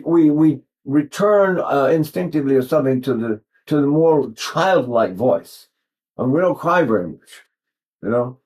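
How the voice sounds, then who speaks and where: A man's voice: medium pitch, expressive, moderate pace, a little mellow. A man in his eighties giving an informal singing lesson, rambling and digressive, often breaking off to demonstrate vocal sounds. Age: 80s. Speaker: voice teacher.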